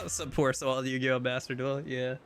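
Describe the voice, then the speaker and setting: A man's voice: mid-range voice, steady tone, moderate pace, music in the background. A man streaming a video game, chatting casually and rambling with lots of fillers and restarts. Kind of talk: casual gameplay chat.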